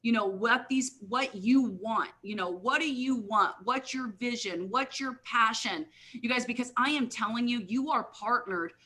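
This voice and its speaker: A middle-aged woman with a high, ringing voice speaks at a live company event. Her tone is bright and forceful as she rallies her listeners with motivational enthusiasm. She talks directly to the crowd, calling them "you guys" again and again. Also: unhurried. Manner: energetic, keeps addressing the crowd as "you guys". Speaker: guest speaker, network marketing leader.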